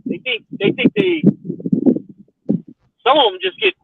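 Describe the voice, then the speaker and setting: A man with a very high, gravelly voice talks casually over a tinny, dry phone line. He's expressive and unhurried, rambling and cursing, and he keeps checking "you know what I mean" to see if you're following.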